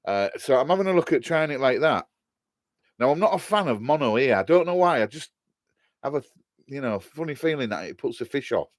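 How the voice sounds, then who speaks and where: A man's voice: mid-range voice, very animated, fairly quick, no echo, studio quality. A middle-aged man with a Hull, East Yorkshire accent, chatting casually on a live stream, answering viewer comments in a jokey, rambling way and laughing often.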